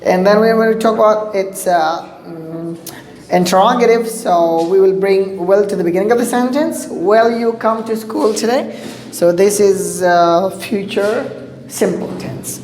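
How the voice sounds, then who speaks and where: Female teacher, patient explainer with filler pauses; roomy echo, faint hiss. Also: mid-range voice, darkish tone. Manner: patient, repeats points, frequent "uh" fillers. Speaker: English teacher. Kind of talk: explanatory grammar lesson. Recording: echoey room with faint hiss.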